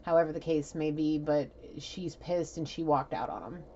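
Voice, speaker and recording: A woman with a low voice talks through a spiritual reading in a loose, chatty manner, piling on fillers and asides. She narrates what she sees like a story. The recording is a bit dull, with a faint hiss. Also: moderate pace, warm tone. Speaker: tarot reader.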